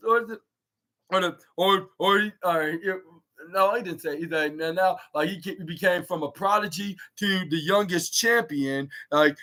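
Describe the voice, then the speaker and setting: A man's voice: high voice, sharp tone, poor audio. A man hosting a podcast, recapping a wrestling show in a rambling way with many fillers and restarts. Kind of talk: casual recap.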